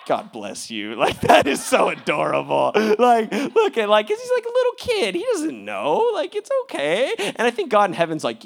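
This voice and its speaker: A young man with a high voice preaches in a loose, conversational way, peppering his talk with slang and laughter. He drops to quiet asides and then bursts back up loud and animated. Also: unhurried, creaky. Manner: casual, laughing, slangy preaching with big swings in volume. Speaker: pastor. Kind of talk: sermon.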